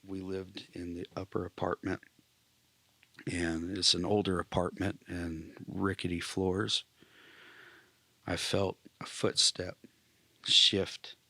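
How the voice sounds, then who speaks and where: A man, a military veteran, telling an emotional personal testimony, often dropping to a hushed near-whisper and clearing his throat. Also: deep voice, no room sound.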